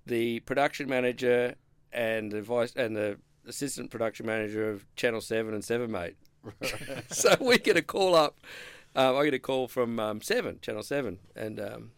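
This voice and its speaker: A middle-aged man tells rambling stories on a podcast. His voice sits at a middle pitch for a man. It is recorded close and dry. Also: animated, normal speed, gravelly, clear, resonant tone, dry recording. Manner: chatty, rambling storyteller who acts out quoted dialogue. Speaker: podcast guest. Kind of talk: casual storytelling interview.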